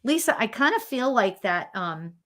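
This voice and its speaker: A chatty woman medium talks straight to her viewers in a bright, forceful voice that sits a little high. She giggles often and trails through ums and restarts as she reads comments and gives readings. Her talk is loose and casual. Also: big pitch swings, moderate pace. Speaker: spiritual medium hosting a live show.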